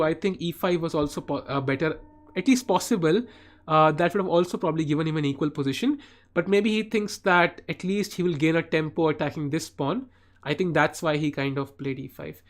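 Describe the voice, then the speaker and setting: A man commentating live chess on a stream, chatting with viewers and often saying "guys". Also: a little high. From India. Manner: chatty, addresses chat viewers by name, often says "guys".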